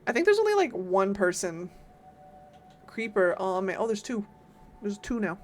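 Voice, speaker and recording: Woman streamer, casual game commentary, animated pitch, lots of loud reactions. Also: normal speed, slight background noise. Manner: chatty, reacts loudly and talks to chat and game followers.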